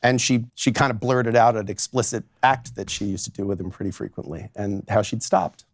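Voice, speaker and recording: A man's voice: fairly low pitch, a little fast, dry recording, clean studio sound. A man working as a divorce lawyer, telling a story in a chatty way full of fillers. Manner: chatty, many fillers like "like" and "you know". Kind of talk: anecdotal storytelling.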